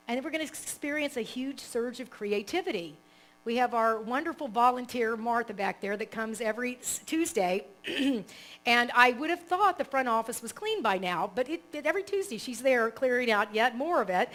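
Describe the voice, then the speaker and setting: A woman minister preaching a live sermon in an animated, conversational way, rambling and restarting as she talks. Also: on the high side, moderate pace, poor audio. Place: church service, live.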